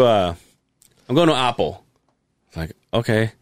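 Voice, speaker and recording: Lively, foul-mouthed man telling a story. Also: medium pitch, moderate pace, no room sound, clean studio sound. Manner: animated, profane, laughs while telling stories. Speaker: podcast host. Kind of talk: casual storytelling chat.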